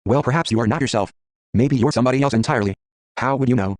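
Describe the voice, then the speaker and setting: A man's voice: medium pitch, very fast, a little mellow, no echo, close to an everyday voice. A man voicing a proud, stern female tree spirit who scolds in a haughty way.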